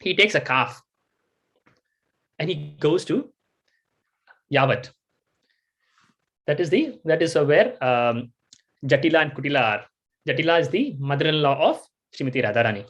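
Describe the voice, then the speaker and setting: A man giving a devotional storytelling talk, animated and acting out the scenes he tells. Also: on the high side, moderate pace, pauses often. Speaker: devotional speaker.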